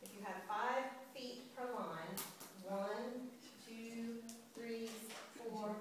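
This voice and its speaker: A woman's voice: fairly high pitch, very slow. Teacher woman in an echoey classroom. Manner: chatty, checks in with "okay?" often. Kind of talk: classroom lecture. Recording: echoey classroom from far off, hiss.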